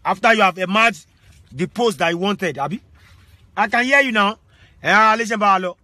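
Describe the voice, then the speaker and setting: High-voiced man scolding loudly. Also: normal speed, no room sound. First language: Yoruba. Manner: scolding, shouting insults and commands. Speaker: comedian playing a judge. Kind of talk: comic skit, mock courtroom scolding.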